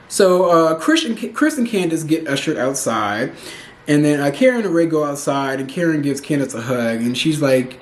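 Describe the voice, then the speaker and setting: Man, higher voice, casual opinionated TV recap, filler-heavy, echoey room. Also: lively intonation, moderate pace. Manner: chatty, opinionated, lots of "like" fillers. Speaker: show recap host.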